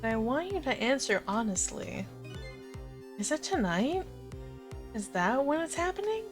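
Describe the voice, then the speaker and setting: A woman's voice: high-pitched, very animated, a little slow, over music. A woman voicing an earnest young woman detective who speaks directly and seriously. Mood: firm.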